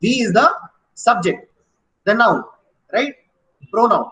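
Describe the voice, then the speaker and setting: Male teacher, high voice, rapid-fire questions to students, echoey classroom. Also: animated, fairly bright tone. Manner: mixing English with Malayalam and Hindi. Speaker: English grammar teacher. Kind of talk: classroom grammar lesson.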